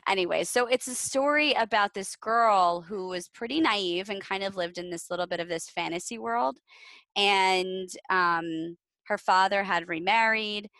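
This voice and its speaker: A woman's voice: mid-range voice, a little slow, a bit bright, no echo, rough recording. A woman co-hosting a podcast in casual chat, rambling, with lots of fillers. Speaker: podcast co-host.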